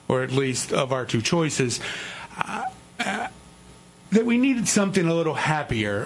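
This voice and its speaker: A man hosting a casual radio talk show, halting and stumbling over his words while joking with his guests. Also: medium pitch, a little hiss or hum. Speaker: radio host.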